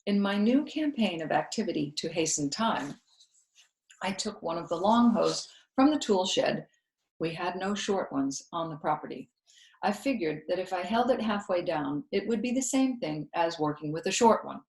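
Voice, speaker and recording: A woman's voice: fairly low pitch, moderate pace. Woman reading a novel aloud, roomy sound. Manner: steady storytelling narration. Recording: roomy echo.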